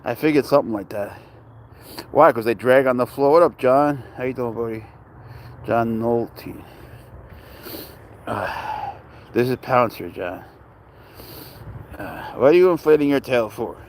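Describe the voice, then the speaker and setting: A man's voice: medium pitch, measured pace, long pauses, a little hiss or hum. Chatty man streaming with his cat. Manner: rambling, jokey, greets viewers by name, drifts quieter. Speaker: livestream host and serval cat owner. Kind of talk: casual livestream chat reading viewer comments. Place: home, indoors.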